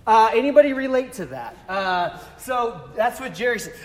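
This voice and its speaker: A man's voice: very high voice, lively intonation, moderate pace, in a large hall. A man preaching a casual sermon as pastor in a church, chatty and joking, with self-deprecating asides. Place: church sanctuary.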